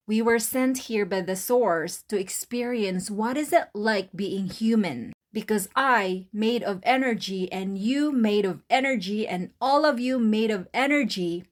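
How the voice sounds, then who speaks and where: A woman from the Philippines with a thick Filipino accent, vlogging straight to the viewer in an emphatic, proud way. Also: mid-range voice. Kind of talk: direct-to-camera vlog monologue.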